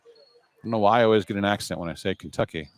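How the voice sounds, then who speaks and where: There's a little hiss or hum behind this lowish-voiced man, who works as the show's announcer on live play-by-play. He keeps it brisk and chatty, tossing in casual asides between rallies.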